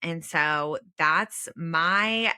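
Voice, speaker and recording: A woman's voice: sits low, extremely slow, sharp tone, smooth. A woman in her thirties hosting a podcast, talking earnestly and encouragingly to her listeners in a reflective solo episode. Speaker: podcast host.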